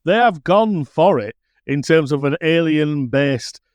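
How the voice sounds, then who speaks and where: A man's voice: fairly high pitch, animated, measured pace, a little mellow, clean tone, no room sound. A man co-hosting a podcast in casual chat, joking and laughing often. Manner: chatty, laughs often, playful asides. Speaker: podcast co-host.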